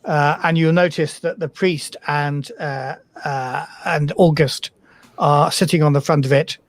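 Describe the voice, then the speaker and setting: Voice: medium pitch, fairly even intonation, measured pace, no room sound. Hesitant game master with a dry sound. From United Kingdom. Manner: hesitant, filler-heavy, self-deprecating. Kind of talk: narrating a tabletop game.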